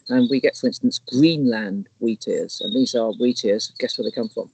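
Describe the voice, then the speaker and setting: A man's voice: medium pitch, normal speed, vocal fry, darkish tone, slight background noise, rough recording. Man explaining birds, rambling and chatty. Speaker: naturalist co-host. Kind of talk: casual live-stream chat. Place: outdoors in the countryside.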